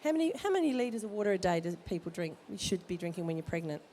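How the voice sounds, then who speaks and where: Woman, midwife, head cold, mellow voice, joking advice, expo hall, faint background noise. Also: fairly low pitch, very animated, quick pace. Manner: chatty, jokey, direct advice. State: has a cold. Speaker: midwife speaker at a baby expo. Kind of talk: informal talk to expectant parents.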